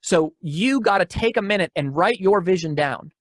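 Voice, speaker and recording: A man gives a motivational keynote talk in a high, bright-pitched voice, repeating his key lines for emphasis. He tells his stories with energy and restarts phrases often. The sound is dry and close, with no room echo. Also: animated, normal speed.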